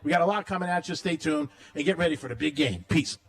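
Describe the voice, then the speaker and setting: Brash male radio host, high voice, joking storyteller who laughs a lot. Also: fast talker, vocal fry, a bit bright. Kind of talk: casual radio banter and live ad reads.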